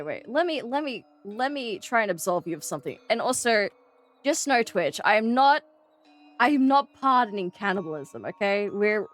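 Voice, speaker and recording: A young Australian woman streaming, chatting casually to her viewers, giggling and gasping excitedly. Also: fairly high pitch. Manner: giggly, bubbly and excitable, quick gasps and squeals. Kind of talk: casual live-stream chat.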